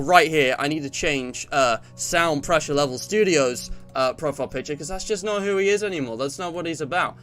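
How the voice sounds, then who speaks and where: A man's voice: on the high side, a bit bright. A young man hosting a casual live stream, chatting in a loose, rambling way with guests. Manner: chatty, rambling, laughs often. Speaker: stream host.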